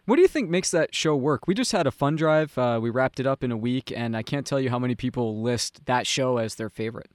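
A man's voice: medium pitch, a little fast, few pauses, no echo, clean studio sound. A male radio interviewer who asks curious, easygoing questions.

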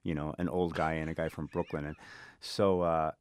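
A middle-aged man from Chicago with a South Side accent, a guest author talking thoughtfully in an interview, often pausing and restarting. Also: extremely low pitch, little pitch movement, a little mellow, slight background noise. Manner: thoughtful, halting, many restarts. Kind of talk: reflective interview talk.

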